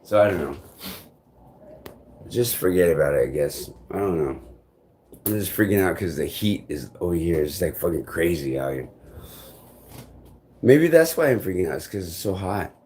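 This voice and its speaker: A man's voice: low-pitched, animated, a little mellow, slight background noise. A young man talking on a live stream in a loose, rambling way, full of fillers and swearing. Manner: rambling, halting, swears often, many fillers.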